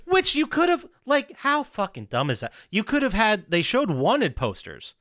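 A man's voice: sits high, huge pitch swings, normal speed, fairly bright tone, no echo, studio quality. A man co-hosting a podcast, recapping a movie in casual chat, swearing freely and quoting lines as he goes. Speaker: podcast co-host.

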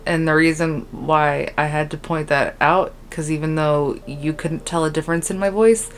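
Tired, rambling low-voiced woman. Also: fairly even intonation, moderate pace, a little hiss or hum. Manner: rambling, scatterbrained, valley-girl fillers. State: sleep-deprived, tired. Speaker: podcast host. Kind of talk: casual solo podcast chat. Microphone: podcast microphone.

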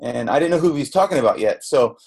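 A man's voice: medium pitch, lively intonation, fast talker, vocal fry, darkish tone, husky. A middle-aged man from Southern California, a chef and podcast guest, telling his story candidly in a rambling way, with restarts and quoted dialogue. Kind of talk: candid storytelling in a casual interview. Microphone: podcast microphone.

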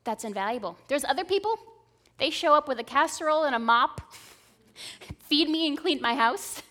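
A woman's voice: high-pitched, animated, normal speed, pushed and bright. A woman in her thirties preaching a sermon in an earnest, conversational way, often checking in with the listeners. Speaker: speaker at a church service.

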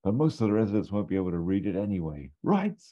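A man voicing a pompous, flustered middle-aged hotelier who sounds indignant and fussy and mutters to himself, in a voice pitched far above his own, on a dull lo-fi recording. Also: big pitch swings, fast talker.

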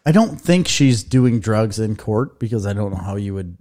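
A man co-hosting a casual podcast chat, jokey and animated, breaking into silly voices. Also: lowish voice, normal speed. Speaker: podcast co-host.

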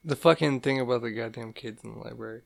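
A man's voice: medium pitch, quick pace, creaky. A laid-back man in a casual chat with friends, swearing and making short remarks.

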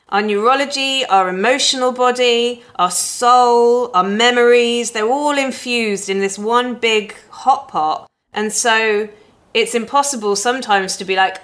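Woman musing out loud about her feelings, chatty and frank, drops the odd swear. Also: mid-range voice. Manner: candid, conversational, swears casually. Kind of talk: reflective personal monologue.

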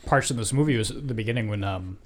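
A man's voice: fairly low pitch, fast. A man in casual chat about a film, retelling scenes and quoting lines as he goes. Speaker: podcast co-host.

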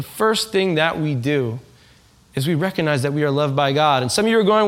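A man's voice: a little high, expressive, moderate pace, a bit bright. A man preaching a conversational sermon to a congregation, asking them questions and acting out quoted voices. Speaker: pastor. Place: church in front of a congregation.

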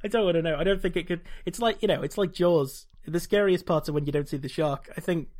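A man with a high-pitched voice reads an old fantasy gamebook aloud, sliding in and out of quick put-on voices for the characters. His asides are dry and sarcastic, and he keeps amusing himself as he goes. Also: darkish tone. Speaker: podcast host reading a gamebook aloud. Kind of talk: casual chat, reading aloud with asides.

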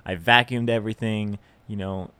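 A man's voice: fairly low pitch, steady tone, normal speed, pushed and bright, smooth, no echo. A young man hosting a casual solo podcast, rambling and self-deprecating, with plenty of fillers and restarts. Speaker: podcast host.

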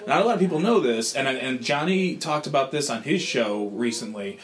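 A man's voice: medium pitch, lively intonation, brisk. A man with a mid-range voice, chatting on a podcast. He talks in a wry, easy way and lands dry jokes. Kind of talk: casual chat.

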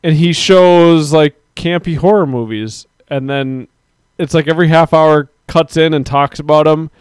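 A man's voice: a little high, measured pace, smooth, dry recording. A man hosting a live stream, chatting casually and rambling as he reads out viewers' comments. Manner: rambling, talks to chat viewers, mock-quotes people. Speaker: podcast host.

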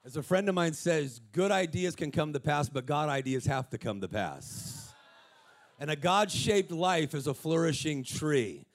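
A man giving a lively, humorous motivational sermon in a large church auditorium, telling stories and calling out people in the crowd. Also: on the high side, unhurried, gravelly. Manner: energetic, humorous storytelling with crowd shout-outs. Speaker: guest speaker.

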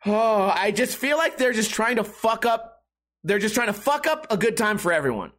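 A man's voice: sits high, expressive, normal speed, fairly bright tone. A middle-aged man hosting a podcast and ranting casually, profane and sarcastic. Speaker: podcast host.

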